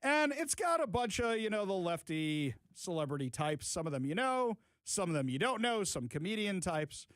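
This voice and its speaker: A man's voice: high voice, very animated, normal speed, hardly any pauses, fairly bright tone, dry recording. A man hosting a talk radio show, mocking and emphatic as he gives his opinions.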